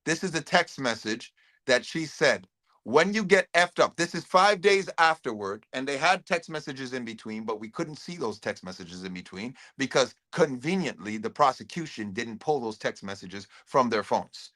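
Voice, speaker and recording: A middle-aged man talks casually to his livestream audience at an ordinary pitch. He often repeats and restarts words and reads viewer comments aloud. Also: expressive, moderate pace, pushed and bright. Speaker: host.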